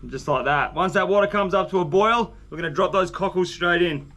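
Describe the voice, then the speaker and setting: A man's voice: high-pitched, brisk, fairly bright tone. A young Australian man chatting casually to camera in laid-back slang by a windy roadside. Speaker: outdoor vlogger. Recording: outdoor wind and passing traffic noise.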